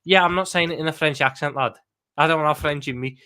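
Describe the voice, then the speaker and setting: Male panelist, voice on the higher side, emphatic, stumbles over repeated words, passionate match talk. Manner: fast, emphatic, repeats words when excited. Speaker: panel guest, football fan.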